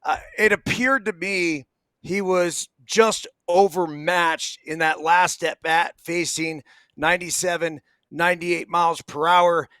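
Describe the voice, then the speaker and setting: A man's voice: a little high, fairly even intonation, measured pace, bright, forceful tone, smooth, no room sound. A man co-hosting a sports talk show, asking blunt, pointed questions in casual chat. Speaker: co-host.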